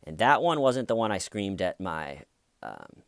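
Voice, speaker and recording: A man's voice: low-pitched, big pitch swings, gravelly, a bit bright, no room sound, studio quality. A man giving a casual, wry commentary monologue, now and then mocking the people he quotes. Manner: slow, wry, acts out quotes in mocking voices. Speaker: commentary vlogger.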